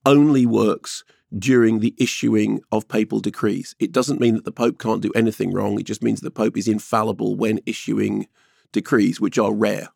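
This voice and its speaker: A man's voice: fairly low pitch, flat delivery, moderate pace, vocal fry, darkish tone, dry recording, studio quality. A man co-hosting a film podcast, reviewing films in casual chat with an enthusiastic, digressive manner. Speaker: podcast co-host, film critic. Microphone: studio mic.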